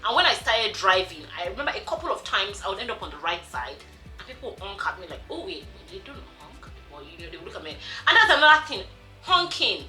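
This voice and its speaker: A young woman from Nigeria with a Nigerian accent, chatting casually in a vlog, animated and quick to laugh, with lots of "like" and "you know". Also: medium pitch, echoey room, over music, rough recording. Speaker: vlogger.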